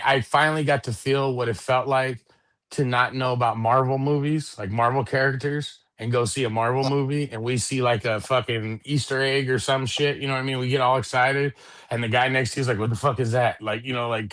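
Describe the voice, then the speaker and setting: A middle-aged man rambles through a casual podcast chat, peppering his talk with swearing and "you know what I mean." His voice sits at an ordinary pitch, and the sound is dry and close, with no room around it. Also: a bit bright, dry recording. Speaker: podcast co-host.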